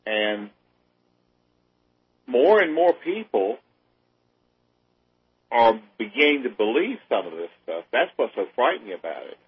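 A man calling into a radio show as a guest, speaking in an earnest, measured way with pauses. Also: medium pitch, very animated, husky. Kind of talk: casual radio talk. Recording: tinny phone line.

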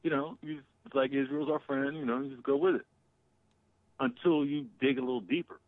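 A man's voice: medium pitch, steady tone, fairly quick, no echo. A man calling in as a guest to a casual political talk show, emphatic, swearing and repeating himself. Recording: tinny phone line.

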